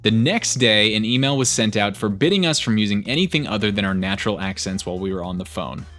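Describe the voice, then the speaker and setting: A man narrating online posts aloud as a storyteller, reading in a lively way. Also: lowish voice, fast, faint music behind.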